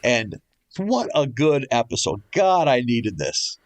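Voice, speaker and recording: A man's voice: medium pitch, big pitch swings, takes it slowly. A man co-hosting a casual podcast from his basement, recapping in a wry, pessimistic way. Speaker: podcast co-host. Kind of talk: casual chat.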